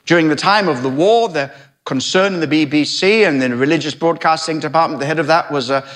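A man's voice: a little high, brisk, a bit bright. Dramatic preacher in his sixties. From Britain. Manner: dramatic storytelling delivery with wry asides. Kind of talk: sermon.

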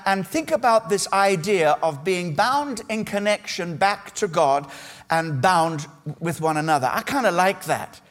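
Earnest male pastor preaching a sermon. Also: a little high. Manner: earnest, emphatic preaching with measured pauses.

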